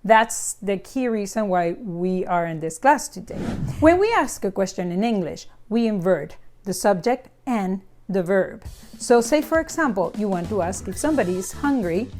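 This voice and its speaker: A woman teaching in a lively, playful way, spelling things out slowly with examples. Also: mid-range voice, faint music behind. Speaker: Spanish teacher. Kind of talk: scripted video lesson.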